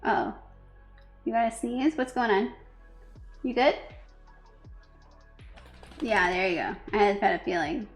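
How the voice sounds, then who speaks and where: A woman streaming casually, chatting with viewers and cooing softly to her pet between thoughts. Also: medium pitch, animated, a little slow, long pauses, faint music behind. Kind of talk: casual livestream chat.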